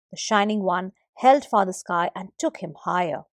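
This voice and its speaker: A woman narrating a myth as a storyteller, in a gently expressive way. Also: mid-range voice, normal speed, hardly any pauses, no room sound, clean studio sound.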